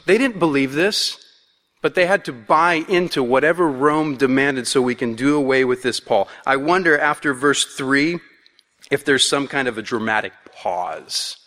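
A man's voice: mid-range voice, normal speed, a bit bright. A man preaching a sermon in a conversational, playful way, acting out voices as he goes. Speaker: pastor. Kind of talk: expository sermon. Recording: long hall reverb.

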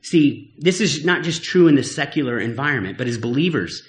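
A man's voice: mid-range voice, lively intonation, brisk. A man preaching a sermon in a conversational, earnest way, with teasing asides. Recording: echoey room.

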